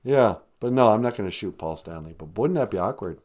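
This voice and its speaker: A man's voice: on the low side, lively intonation, a little fast, a little mellow. A man hosting a live-stream comedy podcast, rambling sarcastically with lots of fillers. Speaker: podcast host.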